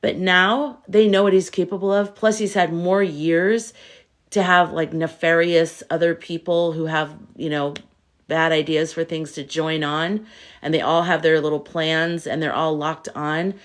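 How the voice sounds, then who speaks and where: A woman's voice: low-pitched, level tone, unhurried. A woman hosting a live stream as a tarot reader, chatting casually, firing off rhetorical questions and answering viewer comments. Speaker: tarot reader and livestream host.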